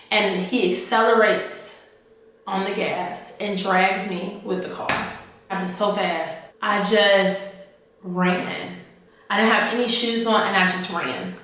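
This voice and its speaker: A woman officer telling a personal story in a halting, earnest way, often repeating herself. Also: medium pitch, a bit bright. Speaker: army officer recounting her experience. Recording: echoey room, voice from off-mic.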